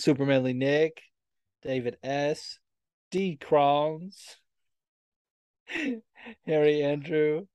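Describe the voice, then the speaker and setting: A man's voice: a little high, a little mellow, clear, resonant tone, no echo. A man co-hosting a casual podcast, joking, laughing often and swearing freely. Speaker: podcast co-host; stage manager. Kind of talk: casual chat.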